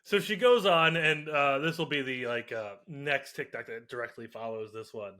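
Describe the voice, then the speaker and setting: A man's voice: mid-range voice, moderate pace, sharp tone. A young man co-hosting a podcast in casual chat, rambling with lots of fillers and frequent laughs. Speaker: podcast co-host.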